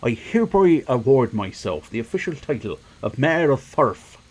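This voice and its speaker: A man's voice: medium pitch, sing-song, normal speed, darkish tone, husky. A man voicing a pompous old man in a video game who names himself mayor. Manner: pompous, grandiose.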